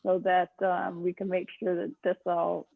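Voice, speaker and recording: A woman's voice: lowish voice, level tone, a little slow, creaky, a little hiss or hum. A woman hosting a casual interview, encouraging and enthusiastic. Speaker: host. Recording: dull, lo-fi sound.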